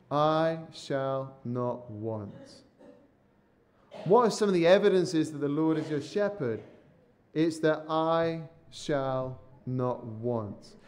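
A man preaching a sermon in an earnest, deliberate way, with a voice pitched a little above the usual for a man. He slows down and lets his voice drop on the phrases he wants to land. Now and then he repeats a word as he starts a sentence. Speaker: pastor. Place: church or studio, podcast recording.

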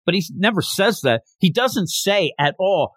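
A man casually recapping a manga story, animated and acting out the characters' lines as he goes. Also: high voice, a little slow, no room sound, clean studio sound.

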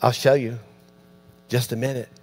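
A man preaching a sermon, telling a story with lively, acted-out voices and sudden drops to hushed, near-whispered lines. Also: mid-range voice, normal speed. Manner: animated storytelling, acts out voices, dropping to near-hushed tones. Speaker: pastor.

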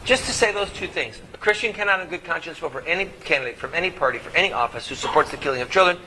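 A man's voice: fairly high pitch, lively intonation, very fast, sharp tone, slight background noise, poor audio. A man giving an impassioned speech to a live audience, preaching and firing rhetorical questions at the crowd. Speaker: activist speaker.

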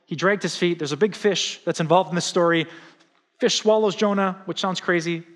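Middle-aged male pastor, conversational sermon delivery, slightly high voice, long hall reverb. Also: normal speed. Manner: animated, conversational preaching with acted-out quotes.

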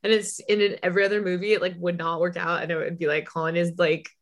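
A woman's voice: on the low side, little pitch movement, fast. A woman in casual podcast chat, talking chattily and filling her sentences with "like.". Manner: chatty, many "like" fillers, laughs easily.

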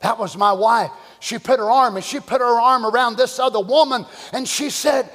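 High-voiced preacher in a reverberant church. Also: male voice, moderate pace. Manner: swings from hushed whispers to shouted cries; retells and acts out quoted voices. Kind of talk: sermon.

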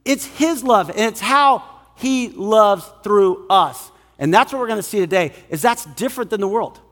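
A man preaching a sermon as pastor, conversational and animated, with frequent asides and rhetorical questions. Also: sits high, normal speed, long reverb tail.

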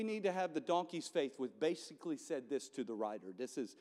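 Fired-up male pastor with a fairly high voice and a casual tone, heard with long chapel reverb. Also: lively intonation, a little fast, a little mellow. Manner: impassioned, conversational, repeats key lines. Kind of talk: sermon.

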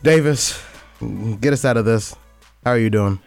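Lively young man hosting sports radio. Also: medium pitch, moderate pace, smooth, faint music behind. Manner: animated, sing-song intro delivery. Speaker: radio show host. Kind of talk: casual sports radio banter. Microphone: studio microphone.

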